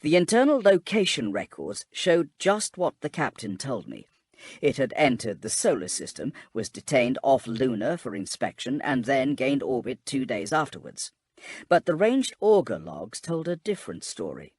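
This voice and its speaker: A man voicing a grave, husky inquisitor. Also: mid-range voice, big pitch swings, normal speed, no echo. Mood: explaining.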